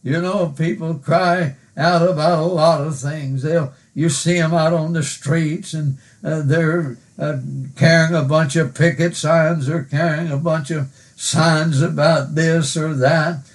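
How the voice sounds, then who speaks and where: Male preacher, slow and earnest delivery, somewhat high voice, repeats phrases. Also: fairly even intonation. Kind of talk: sermon with prayer.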